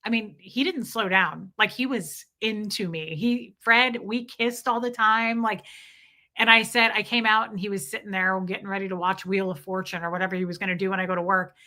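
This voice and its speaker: A woman in her thirties casually telling stories to her viewers, animated and candid, swearing now and then. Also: mid-range voice, a little fast. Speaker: vlogger.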